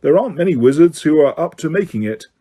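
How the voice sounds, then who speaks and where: A man's voice: fairly high pitch, expressive, fast talker, warm tone, breathy edge. A man reading an audiobook, voicing a mild, polite adult male teacher.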